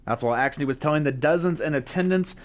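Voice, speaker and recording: Local tv news guy reading his report, kinda high voice. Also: a crowd in the background. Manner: measured, formal delivery.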